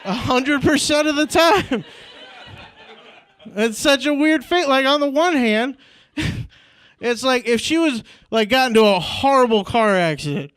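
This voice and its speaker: A man's voice: extremely high pitch, animated, unhurried, long pauses, a bit bright, smooth, no echo. A young man from Indiana performing a stand-up comedy set, peppering his lines with "like" and "right?" and laughing at his own jokes. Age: young adult. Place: comedy club stage.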